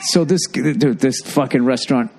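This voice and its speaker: A man co-hosting a podcast, telling profane, animated stories in casual chat. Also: mid-range voice, normal speed. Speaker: podcast co-host.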